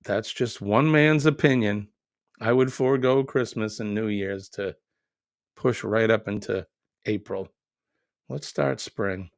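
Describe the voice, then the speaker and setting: Gravelly-voiced man chatting on a live stream. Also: lowish voice, measured pace, dry recording, studio quality. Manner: chatty, joking, reads comments aloud. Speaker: live stream host reading viewer comments. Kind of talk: casual live chat.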